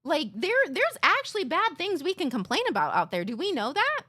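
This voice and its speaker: A woman's voice: high voice, wildly swooping pitch, brisk, pushed and bright. A woman live streamer talking casually with her chat, ranting with sarcasm and swearing.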